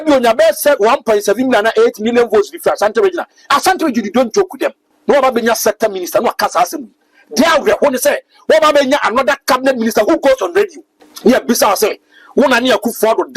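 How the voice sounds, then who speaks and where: A man's voice: very high-pitched, lively intonation, quick pace, slightly rough, no room sound, poor audio. A Ghanaian man giving emphatic, preachy political commentary as a talk-show guest, switching between English and Twi.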